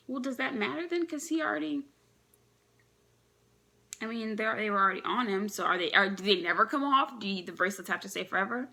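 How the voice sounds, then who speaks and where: A young woman reacting live to a comic chapter, chatty and excited, thinking aloud with frequent restarts. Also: mid-range voice, brisk, vocal fry. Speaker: manga reaction vlogger.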